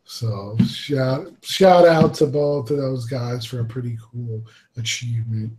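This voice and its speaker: Slow relaxed man in a roomy echo. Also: medium pitch. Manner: relaxed, laughs easily, gives shout-outs. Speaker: podcast host. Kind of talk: casual panel chat.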